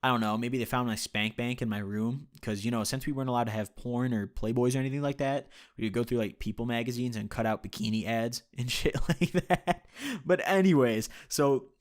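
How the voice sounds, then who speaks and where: Man, vlogger, casual storytime, profane, rambling, animated, mid-pitched voice. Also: a little fast. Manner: profane, rambling storytelling full of "you know"; animated, jumps between loud and quiet. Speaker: YouTube storyteller.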